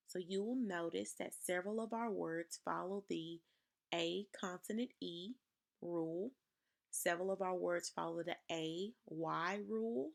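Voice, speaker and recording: A woman teaching spelling in a slow, deliberate voice with a strong gravelly fry running through it. She pronounces each word with care and leaves room for her class to repeat after her. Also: on the low side. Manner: slow, careful, over-enunciated dictation. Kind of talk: spelling lesson for children.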